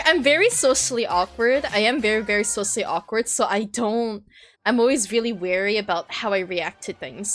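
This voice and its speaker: A woman's voice: a little high, a bit bright. A young woman vtuber chatting casually on a live stream, flustered and rambling, with lots of restarts and apologies. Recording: faint music behind. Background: faint background music.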